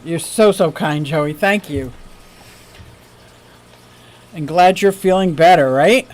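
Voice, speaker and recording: Woman, aquarium-channel stream host; casual, gushing, quick to laugh while reading tips. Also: deep voice, low-quality recording. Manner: gushing, excitable, laughs often.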